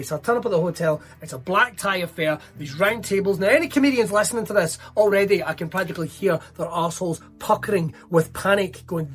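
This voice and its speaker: A Scottish man doing stand-up, telling stories in a sweary, animated way. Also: high-pitched, fast, few pauses, slightly rough, soft background music. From Scotland. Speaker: stand-up comedian. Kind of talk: stand-up routine.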